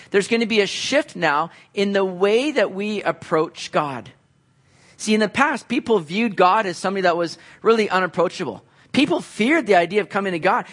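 A man's voice: high-pitched, fairly bright tone. A man preaching a sermon as pastor, explaining scripture in a conversational way and acting out quoted voices.

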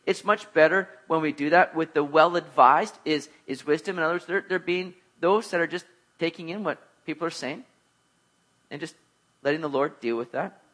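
A man preaching a sermon in a bright, forceful voice that sits a little high. He talks conversationally and jokes with his listeners, then climbs to emphatic exhortation. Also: moderate pace. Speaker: pastor.

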